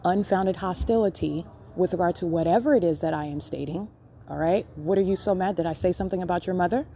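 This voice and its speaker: Brief: woman, lowish dark voice, insistent and accusing, phone recording with faint background noise. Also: fast. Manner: accusing, insistent, repeats herself. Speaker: podcast host recording her own encounters. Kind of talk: live self-recorded commentary. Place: public library.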